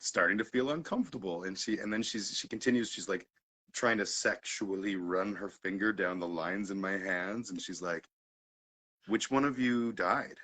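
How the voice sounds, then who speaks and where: Male host, casual storyteller, bright lowish voice, animated delivery, jumps loud to hushed. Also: moderate pace, poor audio. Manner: animated, swings loud and quiet, laughs often. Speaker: podcast host.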